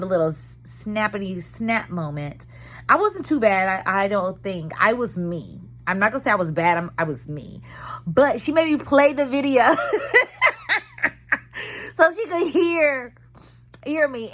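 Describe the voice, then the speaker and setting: A woman's voice: mid-range voice, fairly bright tone. A woman in her thirties talking candidly and dramatically to viewers about therapy, full of slang, recorded in her car. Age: 30s. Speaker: vlogger. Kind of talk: casual chat.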